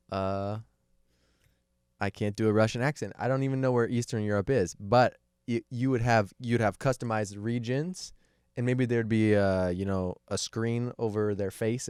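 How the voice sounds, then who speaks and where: A man's voice: fairly low pitch, darkish tone, clean tone, no echo, studio quality. A man co-hosting a podcast in casual chat, riffing with crude jokes. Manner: crude, joking, drawn-out riffing. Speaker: podcast co-host.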